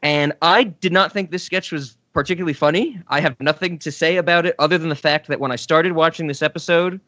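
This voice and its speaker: A man's voice: on the high side, brisk, fairly bright tone, no echo, highs cut off. A man hosting a film podcast in casual chat, easygoing and chuckling often. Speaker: podcast host.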